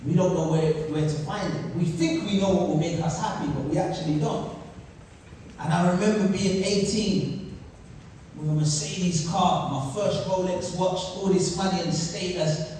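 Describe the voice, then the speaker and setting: Guy telling stories live, acts out voices, sounds far off in a boomy hall. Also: moderate pace, a little hiss or hum. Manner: animated, acts out voices in his story. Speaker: speaker. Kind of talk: live storytelling talk. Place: large hall at an event.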